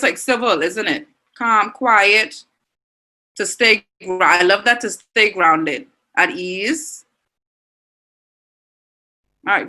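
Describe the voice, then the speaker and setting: A woman with a Bahamian accent teaches an online language class, reading out students' chat answers and praising them encouragingly. Her medium-pitched voice sounds pushed and bright.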